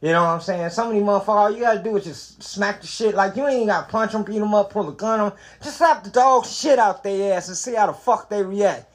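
Brief: high-voiced man, animated and profane, retelling a story in casual chat. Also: fast talker, hardly any pauses. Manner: animated, profane, acts out quotes.

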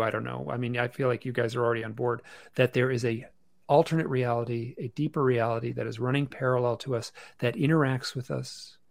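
Gravelly man telling a story over a call. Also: medium pitch, dry recording. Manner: halting, many restarts and fillers. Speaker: podcast guest. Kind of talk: casual storytelling. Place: bedroom at home. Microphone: video call.

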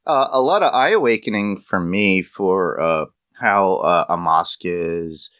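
A man co-hosting a podcast, chatting casually about a show in a halting way with many fillers. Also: low-pitched, lively intonation, fairly bright tone, no room sound, clean studio sound. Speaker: podcast co-host. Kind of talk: casual chat reviewing a show.

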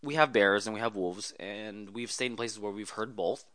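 Chatty man with a bright tone. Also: lowish voice, normal speed, no room sound, clean studio sound. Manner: chatty, rambling storyteller. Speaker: guest, automotive photographer. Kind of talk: casual interview conversation.

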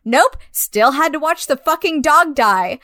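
A woman with a high voice gives a casual film review, blunt and sarcastic, with frequent swearing. Her voice is recorded dry and close, with no room sound. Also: animated, unhurried, pushed and bright, dry recording. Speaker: podcast co-host.

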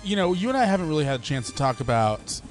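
A man's voice: a little high, big pitch swings, fast, music in the background. Male co-host steering a podcast chat. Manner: steers the talk with questions. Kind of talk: casual sports and politics chat.

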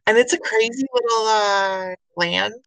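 A woman who works as an emergency physician assistant, telling stories in a casual podcast chat, animated and laughing often. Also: mid-range voice, a little slow, gravelly, no echo.

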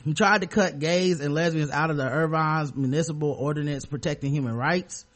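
A man's voice: fairly high pitch, fairly quick, a bit bright. Sarcastic man hosting a podcast. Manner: sarcastic, joking, loose and rambling. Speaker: podcast host. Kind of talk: casual comedic podcast chat.

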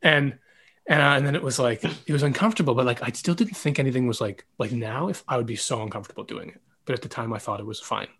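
A man with a middle-pitched, slightly husky voice hosts a podcast. He keeps things relaxed and chatty, telling stories casually and nodding along with quick affirmations. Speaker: podcast host. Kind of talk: casual conversational interview.

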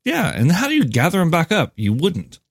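A man co-hosting a podcast in casual chat, joking and spinning out speculative what-if ideas in a relaxed way. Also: a little high, fairly quick, creaky, slightly rough, no room sound, clean studio sound. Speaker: podcast co-host.

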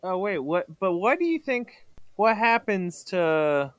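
A podcast co-host in casual chat about a comic, making wry deadpan comments. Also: mid-range voice, a little slow, no room sound.

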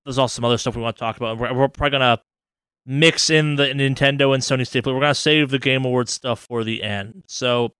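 A man with a smooth, clean voice recorded close and dry, with no room sound around him. He rambles through gaming news in a loose, excitable way and swears casually as he goes. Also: medium pitch, fast talker, no echo. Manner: enthusiastic, rambling, swears freely. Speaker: podcast co-host.

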